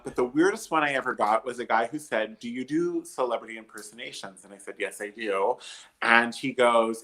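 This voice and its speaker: A drag performer on a livestream video call, telling a story in an animated, emphatic way and acting out each quoted line. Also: male voice, fairly low pitch, slight background noise. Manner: chatty, emphatic, swears, acts out quoted dialogue.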